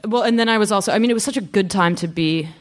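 A woman's voice: medium pitch, rapid-fire. A woman in her thirties chatting and telling rambling stories with laughs as a guest on a live podcast stage. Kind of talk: casual chat on stage.

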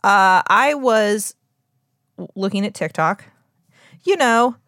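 A woman's voice: medium pitch, animated, takes it slowly, a bit bright, no echo, studio quality. A woman co-hosting a podcast, telling a story in a chatty, laughing way with plenty of fillers. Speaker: podcast co-host. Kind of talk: casual podcast chat.

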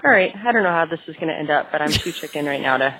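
A woman's voice: sits low, animated, rapid-fire, background noise. A woman caller leaving a sheepish, self-deprecating voicemail. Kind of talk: voicemail confession. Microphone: phone. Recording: tinny phone line.

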